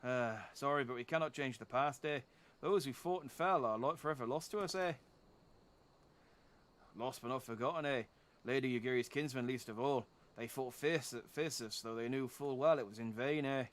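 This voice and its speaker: A man's voice: mid-range voice, natural voice. A man voicing a frail, gracious older father with a put-on Canadian accent, ending his lines with "eh?". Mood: earnest. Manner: ends lines with a drawn-out "eh?".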